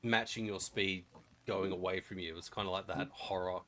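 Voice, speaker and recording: Low-voiced man running a tabletop game. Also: steady tone, normal speed, background noise. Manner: casual, rambling narration with many fillers. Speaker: game master.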